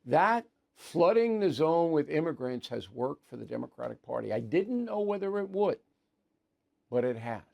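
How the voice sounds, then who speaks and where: Blunt gravelly older man, political commentary. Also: fairly high pitch, big pitch swings, moderate pace, warm tone. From United States. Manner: blunt, opinionated, rhetorical questions.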